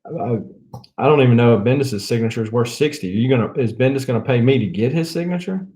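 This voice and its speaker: Southern-accented man, casual rambling host, lots of chuckles and drawn-out fillers. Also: mid-range voice, expressive, mellow. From Mississippi. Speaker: comic book channel host. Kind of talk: casual rambling haul chat.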